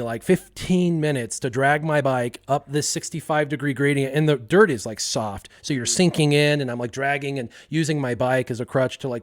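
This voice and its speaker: Animated storytelling streamer, a man. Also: medium pitch. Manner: animated, acts out the voices of people in his story; many fillers like "um" and "like". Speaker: streamer host. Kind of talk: casual storytelling to a live chat.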